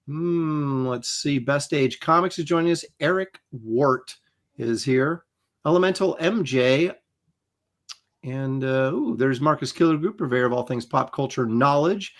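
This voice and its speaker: A man's voice: medium pitch, a little slow. A man in his sixties hosting a livestream, reading out chat names with wry asides. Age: 60s. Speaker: host.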